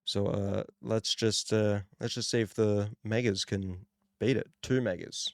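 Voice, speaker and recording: A young Australian man with a relaxed, rambling manner, talking casually while opening trading cards. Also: fairly low pitch, unhurried, vocal fry, dry recording, studio quality. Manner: relaxed, rambling, self-deprecating. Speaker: card-opening channel host. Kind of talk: casual card-opening commentary.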